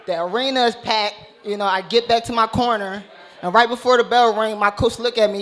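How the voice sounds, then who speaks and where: High-pitched dude doing brash stand-up, swearing a lot, on a club mic. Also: male voice, normal speed, a bit bright. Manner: brash, profane, punchline-driven delivery. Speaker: stand-up comedian. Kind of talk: stand-up comedy set. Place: comedy club stage.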